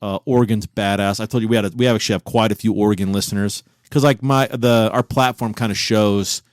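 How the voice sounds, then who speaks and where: A man co-hosting a casual podcast from a home recording room, cursing freely and breaking into loud disbelief. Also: fairly low pitch, steady tone, fairly quick, no room sound, studio quality. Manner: profane, incredulous, loud bursts of disbelief. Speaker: podcast co-host. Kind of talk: casual banter.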